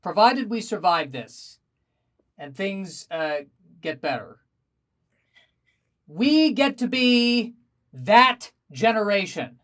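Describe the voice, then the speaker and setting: A man doing a stand-up comedy set, telling animated stories with self-deprecating asides, performing remotely over a video call. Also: sits high, slow pace, long pauses.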